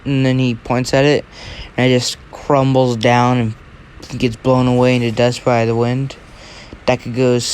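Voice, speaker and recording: A man's voice: medium pitch, level tone, unhurried, a little mellow, slight background noise. A man casually telling an improvised story, rambling with many fillers and restarts.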